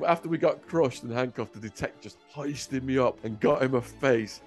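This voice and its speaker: English man, dramatic storyteller, mid-pitched, faint music under. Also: fairly quick, few pauses. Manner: vivid, acts out voices. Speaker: interview guest.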